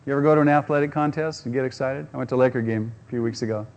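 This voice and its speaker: A man's voice: mid-range voice, very fast, a little mellow, lo-fi sound. A man preaching a sermon, using rhetorical questions and acting out quotes. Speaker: pastor.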